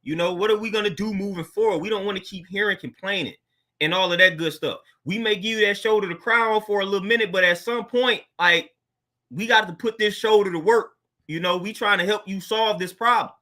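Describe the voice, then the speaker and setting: Bright, high-voiced man in casual talk. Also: a little fast. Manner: laid-back, conversational, laughs often, street slang. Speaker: podcast host. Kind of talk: casual monologue commentary.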